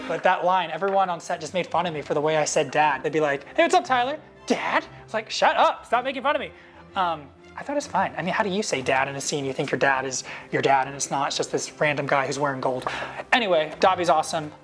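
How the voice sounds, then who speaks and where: A man in his thirties casually telling behind-the-scenes stories to camera, animated and acting out quoted lines in a higher voice. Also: fast, soft background music. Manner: animated, jumps up in pitch to act out quoted lines.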